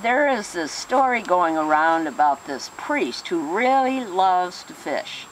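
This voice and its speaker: A woman casually telling a joke, animated and correcting herself as she goes. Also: fairly low pitch, takes it slowly, slight background noise, low-quality recording. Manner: animated storyteller, self-correcting. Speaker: joke teller.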